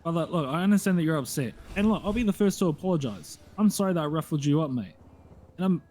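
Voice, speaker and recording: A man in a roleplay argument trying to calm an angry opponent while insisting on his version of events. His voice sits a little high, and he keeps repeating "bro" and "mate" in a smoothing-over way. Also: quick pace, slight background noise. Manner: placating, insistent, calls others "bro". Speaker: roleplay character accused of provoking a fight.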